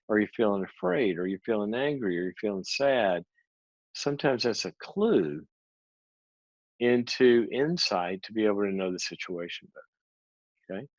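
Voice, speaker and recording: A man giving a conversational teaching talk, an animated storyteller who acts out the people he quotes. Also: fairly low pitch, no echo, dull audio. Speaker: psychologist and speaker.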